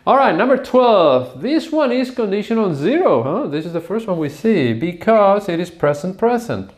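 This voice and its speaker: A man's voice: sits high, sing-song, moderate pace, darkish tone. A man teaching English grammar at a whiteboard, explaining patiently step by step and drawing out words as he writes. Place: classroom with a whiteboard. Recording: echoey room.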